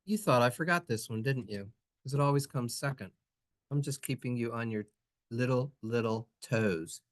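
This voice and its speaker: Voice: medium pitch, normal speed. A Hebrew teacher leading a playful, sing-song classroom reading lesson and acting out the letter sounds. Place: synagogue classroom.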